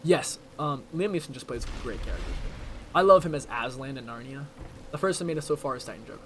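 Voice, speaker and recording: A young man streaming a gaming challenge talks quickly in a medium, slightly bright voice, his throat a little strained. He chats loosely, mocks himself, and skips from topic to topic as he plays. A faint hiss or hum sits under the recording.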